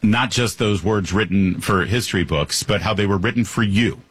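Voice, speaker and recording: A man's voice: lowish voice, moderate pace, slightly rough. A male talk radio host delivering a sarcastic, joking monologue into a studio microphone.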